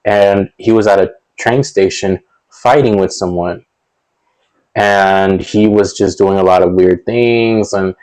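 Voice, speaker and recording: Young guy rambling through a storytime, lowish voice, lots of likes and ums, little laughs. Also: steady tone, takes it slowly, darkish tone, low-quality recording. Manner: rambling, many fillers and restarts; chuckles between sentences. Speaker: storytelling vlogger. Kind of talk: casual storytime monologue.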